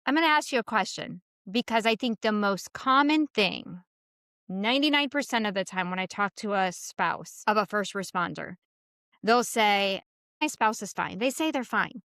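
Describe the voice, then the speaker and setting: Woman, middle-aged, podcast host, earnest questions, smooth clear voice, dry close mic. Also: medium pitch, lively intonation, normal speed, a bit bright, no echo. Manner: earnest, thoughtful, asks guest questions. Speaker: podcast host, first responder's spouse. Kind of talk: casual interview hosting.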